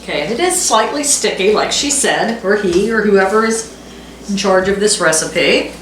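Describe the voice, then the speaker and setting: A woman's voice: medium pitch, lively intonation, normal speed, fairly bright tone, a little hiss or hum. A middle-aged woman hosting a home cooking video, chatting casually and reading recipe steps aloud with self-deprecating asides. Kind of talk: casual cooking vlog chat. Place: home kitchen. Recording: echoey kitchen with clattering dishes.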